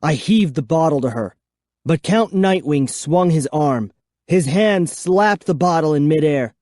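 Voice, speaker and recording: A man reading a children's horror book aloud in first person, with a measured, suspenseful delivery. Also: on the high side, lively intonation, warm tone, no room sound, studio quality. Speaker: audiobook narrator. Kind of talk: scripted first-person narration.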